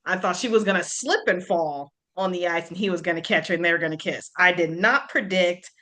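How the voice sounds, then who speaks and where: A woman hosting a casual book club chat, talkative and animated, laughing often as she retells scenes. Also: lowish voice, fairly quick. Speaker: book club podcast host.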